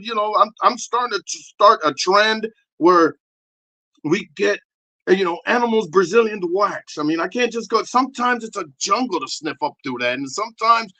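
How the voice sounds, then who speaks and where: A man doing a rambling, crude improvised comedy rant, excitable and prone to sudden shouting. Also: high voice.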